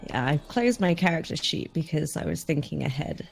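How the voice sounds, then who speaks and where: A woman plays in a tabletop game, chatting casually and a little hesitantly. Her voice is low and gravelly, and she speaks slowly. There is faint room noise behind her. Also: animated, darkish tone. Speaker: player. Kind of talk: casual play chat.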